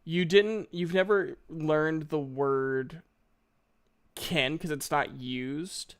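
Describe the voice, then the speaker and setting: A man narrating a tabletop game as dungeon master, slowly and with many fillers. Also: fairly high pitch, fairly even intonation, clear, resonant tone.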